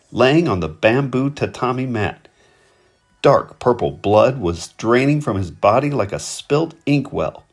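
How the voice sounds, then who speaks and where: A man narrating a first-person novel in a vivid, expressive storytelling manner. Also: mid-range voice, husky. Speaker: audiobook narrator.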